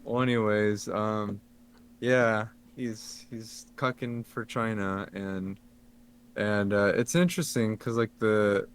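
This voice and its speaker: A man's voice: lowish voice, steady tone, slow pace, a little hiss or hum. A young man co-hosting a podcast in casual chat, rambling and hesitant, with many ums. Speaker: podcast co-host.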